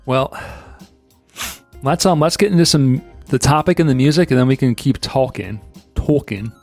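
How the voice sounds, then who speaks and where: Rambling podcast host, mid-pitched man. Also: moderate pace, a little mellow, no room sound, faint music behind. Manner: rambling, many restarts, laughs often. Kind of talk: casual chat.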